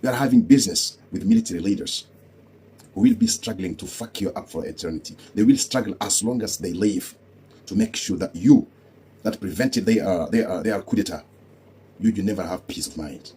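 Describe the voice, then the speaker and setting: A man's voice: low voice, big pitch swings, a little fast, dark tone, slightly rough. A man from Africa giving heated political commentary, scornful and repeating rhetorical questions.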